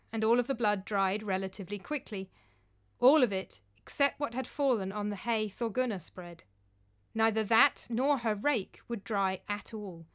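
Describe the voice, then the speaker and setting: A woman narrating a storybook tale in a calm, measured, clear way. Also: a little high.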